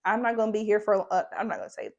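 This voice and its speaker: A woman's voice: mid-range voice, very animated, very fast, creaky, darkish tone, muffled recording. A young woman chatting casually in a faith vlog, rambling, saying "like" often and laughing between thoughts. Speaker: faith vlogger.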